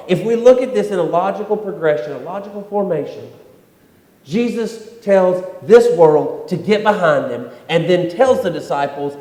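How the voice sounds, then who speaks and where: Preaching in a church sanctuary at normal speed, the pastor keeps things conversational, returning to his main points and performing quotations. His high voice sounds animated and mellow.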